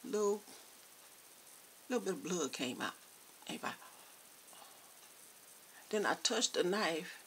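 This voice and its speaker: A woman's voice: on the low side, slow, long pauses, slight background noise. A woman, animatedly telling a funny story to her viewers. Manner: animated, addresses viewers as y'all. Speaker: vlogger. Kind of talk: casual storytelling.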